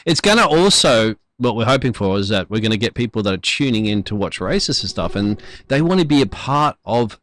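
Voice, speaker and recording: Lower-voiced man co-hosting a race. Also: sing-song, a little fast, hardly any pauses, fairly bright tone, dry recording. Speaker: sim racing broadcast co-host. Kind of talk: post-race broadcast chat.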